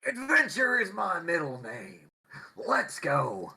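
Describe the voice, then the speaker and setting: A man's voice: on the high side, huge pitch swings, takes it slowly, vocal fry, pushed and bright, pitched above the performer's own voice, exaggerated voice. A man doing a goofy, cheerful strongman hero. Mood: eager. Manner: cheerful and boisterous. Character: friendly, goofy, super-strong male hero.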